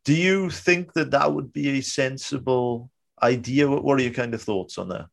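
A man hosting an interview podcast, speaking in a halting way with many fillers. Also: mid-range voice, gravelly. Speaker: podcast host. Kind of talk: casual interview talk.

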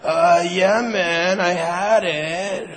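A male comedian voicing a spacey male junkie, talking in a slow, dopey, sing-song drawl. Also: high-pitched, fairly even intonation, a bit bright, voice pushed down, full character voice. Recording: live in a large hall with audience.

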